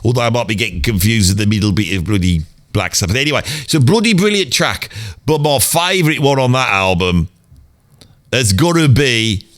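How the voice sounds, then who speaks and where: A man's voice: medium pitch, animated, fairly quick, a bit bright. An older man with a Brummie accent, rambling casually through old stories and mimicking people as he goes. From Birmingham, England. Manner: chatty, swears mildly, breaks into sung and mimicked bits. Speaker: storyteller guest.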